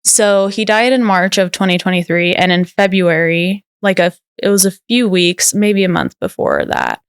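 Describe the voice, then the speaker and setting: A woman's voice: lowish voice, big pitch swings, moderate pace, clean tone, no room sound, clean studio sound. A woman guest on a podcast telling a personal story in a candid, rambling way, full of "like" fillers.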